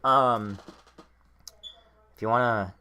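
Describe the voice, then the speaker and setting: This young man's medium-pitched voice is steady, slow, bright, forceful, clear and resonant. He's co-hosting a casual podcast with the hiccups, rambling and swearing amid plenty of filler words.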